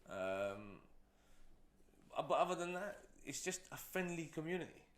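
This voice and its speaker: A man's voice: on the high side, big pitch swings, moderate pace, a bit bright, roomy sound. A man who is a guest entrepreneur, telling stories in a casual, rambling way with many fillers. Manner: rambling, storytelling, frequent fillers. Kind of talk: casual interview talk.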